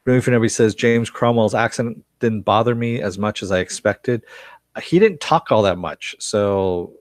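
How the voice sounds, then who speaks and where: A man's voice: on the low side, normal speed, no echo. A man hosting a casual live-stream recap, reading chat comments aloud, rambling with lots of fillers and chuckles. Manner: rambling, laughs often, many fillers and restarts. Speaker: live stream host reviewing a TV series.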